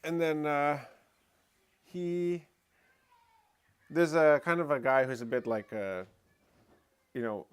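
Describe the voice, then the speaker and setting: A man hosting a live talk stream, telling a story in a relaxed, rambling way full of fillers. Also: fairly high pitch, slow pace, pauses often, clear, resonant tone. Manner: relaxed, rambling, lots of fillers like "you know" and "eh". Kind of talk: casual storytelling chat.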